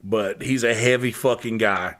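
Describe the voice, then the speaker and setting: A man's voice: lowish voice, steady tone, a little slow, a bit bright. A man, hosting a podcast and telling a long personal story in a loose, profane, rambling way, full of restarts. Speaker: podcast host. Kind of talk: casual storytelling monologue.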